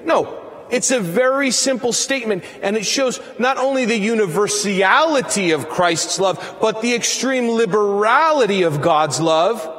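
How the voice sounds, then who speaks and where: A man preaching a sermon in a church, slow and emphatic, building at times to near-shouts. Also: high-pitched, animated. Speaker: priest. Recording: long reverb of a church hall.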